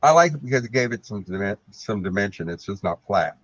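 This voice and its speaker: A man co-hosting a live online sale, his pitch rising and falling a lot as he points out the details of each piece. The sound is dull and lo-fi, and very dry with no room around it. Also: fast, husky, no echo. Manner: lively pitch, describing items appreciatively. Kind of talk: live online sales auction.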